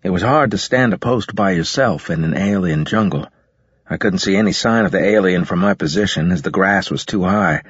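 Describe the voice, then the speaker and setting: A man narrating a story in the first person with a steady, measured reading. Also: deep voice, breathy edge, dry recording, muffled recording. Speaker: audiobook narrator.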